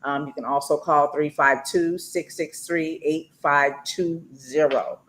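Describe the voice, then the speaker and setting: Chatty lady host, lots of um and you know, relaxed talk show vibe. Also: low voice, unhurried. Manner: chatty, many fillers and restarts. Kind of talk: casual talk show hosting.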